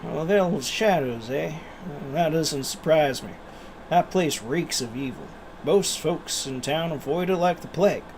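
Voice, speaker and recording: A man's voice: fairly high pitch, a little slow, a little mellow, slight background noise. A man voicing a grieving, gloomy village blacksmith with a wandering put-on Scottish brogue.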